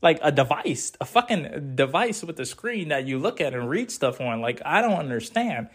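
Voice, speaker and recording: A man's voice: a little high, big pitch swings, moderate pace, husky. A young man hosting a casual advice monologue, talking in blunt, profane, laid-back slang.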